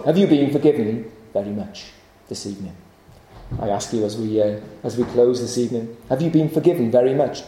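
A male preacher delivers an evening sermon, pleading with his hearers through repeated rhetorical questions. His voice is very dark and mellow. The sound carries the ring of an echoey hall. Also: medium pitch. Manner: earnest, pleading rhetorical questions with many repetitions.

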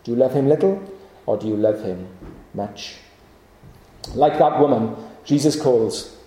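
A male preacher delivers an evening sermon, pleading with his hearers through repeated rhetorical questions. His voice is very dark and mellow. The sound carries the ring of an echoey hall. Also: mid-range voice, a little slow. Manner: earnest, pleading rhetorical questions with many repetitions.

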